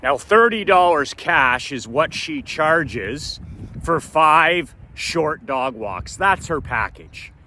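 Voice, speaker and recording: Slow, bright-voiced man telling a story. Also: a little high, animated, a little hiss or hum. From Canada. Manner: emphatic, repeats phrases for effect. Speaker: business coach. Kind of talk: casual storytelling vlog.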